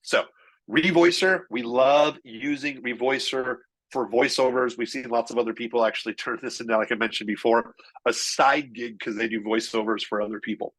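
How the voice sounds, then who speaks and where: A man presenting marketing tools in an energetic, chatty live software demo, with quick shifts in pace. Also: medium pitch, poor audio.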